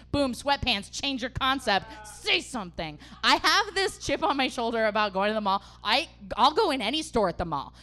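A young woman working a small comedy room, with punchy jokes and bursts of shouting. Her voice is bright and ringing and sits a little high. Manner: loud, punchy joke delivery with shouted outbursts. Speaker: stand-up comedian. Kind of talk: stand-up set before a live audience.

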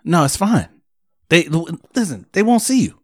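A man's voice: high-pitched, big pitch swings, normal speed. Teasing man laying out a plan. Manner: teasing, lays out plans step by step. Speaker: podcast co-host. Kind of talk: casual chat.

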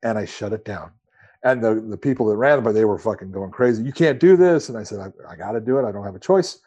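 Male podcast co-host, mellow tone, casual rambling storyteller. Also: lowish voice, fast, breathy edge. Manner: relaxed, rambling with profanity.

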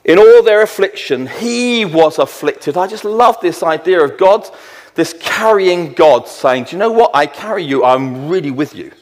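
A middle-aged man delivers a sermon, drawing out scripture verses slowly and with weight. His voice sits a little high for a man. The sound carries a long reverb, as if in a large hall. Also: lively intonation. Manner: slows down to read verses with emphasis. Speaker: preacher.

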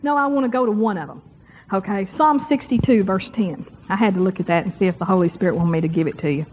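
A woman's voice: mid-range voice, quick pace, noisy background. A woman preaching a sermon to a congregation in a folksy, chatty way, speaking straight to the crowd. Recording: dull lo-fi sermon recording.

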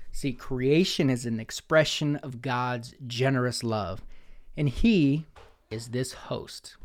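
Young male pastor, casual conversational sermon, playful tone. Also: medium pitch. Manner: conversational and playful, talks to himself in asides.

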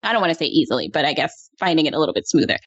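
A woman's voice: sits low, big pitch swings, racing. Woman interviewer, lo-fi sound. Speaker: interviewer, host. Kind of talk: interview questions.

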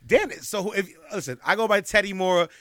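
A man co-hosting a casual podcast, spinning a story in a loose, slangy way and laughing often. His voice is bright and forward, sitting a bit higher than most men's. The sound is close and dry, with no room around it. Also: a little fast, no room sound. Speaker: podcast co-host.

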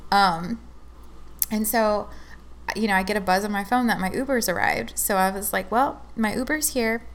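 A young woman in her twenties tells a long personal story in a loose, chatty way. She fills her speech with "like" and slips into quoted back-and-forth. Her pitch sits in the middle for a woman. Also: steady tone, moderate pace. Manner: chatty, fillers of "like", acts out quoted dialogue. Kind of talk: casual storytelling chat.

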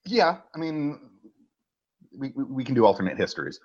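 A man's voice: mid-range voice, moderate pace, dull audio. Man animatedly recapping a movie. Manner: animated storytelling, swears freely. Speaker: podcast co-host. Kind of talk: casual movie recap chat.

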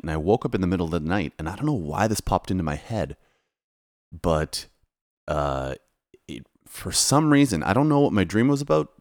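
A Canadian DJ and vlogger talks to camera in a loose, relaxed, rambling casual monologue full of restarts. His voice is low-pitched, and the recording is clean studio sound with no room sound.

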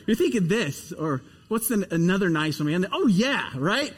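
A man preaching a sermon, telling a story with animated, emphatic repetition before leading a prayer. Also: high-pitched, moderate pace, few pauses, breathy edge, big-room sound. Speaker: pastor.

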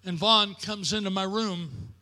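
High, bright-voiced preacher in an echoing hall. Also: male voice, unhurried. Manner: preacher's cadence, building to shouted declarations. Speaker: pastor. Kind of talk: sermon. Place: church sanctuary.

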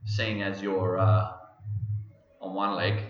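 A man's voice: low-pitched, monotone, slow pace, a little hiss or hum. A young Australian man hosting a fitness podcast in a loose, joking, rambling way. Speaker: podcast host and fitness coach. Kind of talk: casual podcast chat. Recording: echoey room, dull lo-fi sound.

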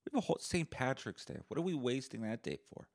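Ranting lively-voiced young man from Canada. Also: mid-range voice, fast. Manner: sarcastic, profane, animated ranting. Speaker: podcast host. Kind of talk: solo comedic rant.

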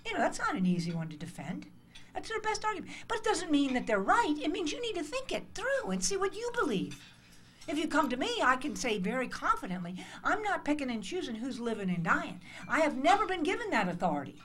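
A woman's voice: high-pitched, huge pitch swings, a little fast, fairly bright tone. A woman in her sixties from the United States, giving an emphatic motivational speech to a room of interns. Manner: passionate, emphatic, acts out dialogues. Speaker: speaker addressing interns. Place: conference hall.

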